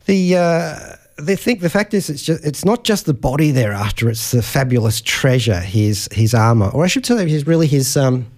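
A man's voice: mid-range voice, expressive, normal speed, a little mellow. A man hosting a studio radio interview, chatty and hesitant, with frequent fillers and pop-culture quips. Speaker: radio host.

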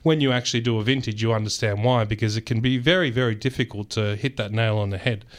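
A man, a guest on a radio talk show, explaining his craft in a casual, hesitant way full of fillers and quick laughs. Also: lowish voice, steady tone. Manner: chatty, hesitant with many fillers, laughs easily. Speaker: vermouth maker guest.

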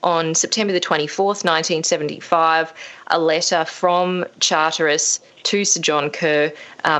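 Low-voiced woman radio host. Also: fairly bright tone. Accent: Australian. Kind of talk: radio interview.

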